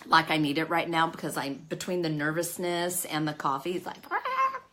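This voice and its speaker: A woman's voice: deep voice, fairly even intonation, a little fast, sharp tone. A middle-aged woman hosting a casual live makeup tutorial, chatty and self-deprecating, greeting viewers by name. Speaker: makeup livestream host.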